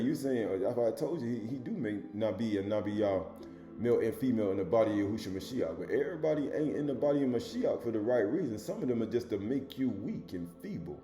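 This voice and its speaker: A man preaching a sermon, reading scripture loudly and dropping to low asides, with casual rhetorical questions to his listeners. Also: sing-song, brisk, reverberant, soft background music. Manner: swings between loud emphatic reading and low murmured asides.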